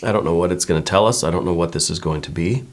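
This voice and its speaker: A man with a very low voice gives a slow, gentle tarot reading. He muses and meanders, hedging his guesses and checking in with viewers as he goes. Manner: musing and meandering, many hedges and repeated "right?". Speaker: tarot reader.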